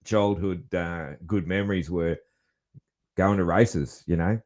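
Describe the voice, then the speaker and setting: Chatty man, low voice. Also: slow pace, a little mellow. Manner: rambling, chuckling, many restarts. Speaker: podcast host. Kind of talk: casual chat.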